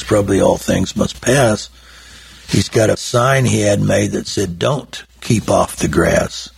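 An older man, his deep voice thick with gravel. It is husky and rough-edged. He tells his stories in a folksy, wandering way, full of asides. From Oklahoma. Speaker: recording engineer and guest. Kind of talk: rambling anecdotal storytelling.

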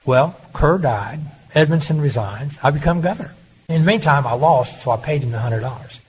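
A man's voice: fairly high pitch, lively intonation, a little fast, darkish tone, slight background noise, rough recording. An older man from Oklahoma, a former governor, telling stories in an interview and acting out the dialogue he quotes. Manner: anecdotal, acts out quoted dialogue. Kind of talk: storytelling interview.

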